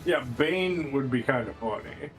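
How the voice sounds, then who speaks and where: A man chatting with friends during an online game, speaking in a halting way with many restarts. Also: mid-range voice, animated, rough recording. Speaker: fellow player. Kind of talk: casual gaming chat. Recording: faint game music behind.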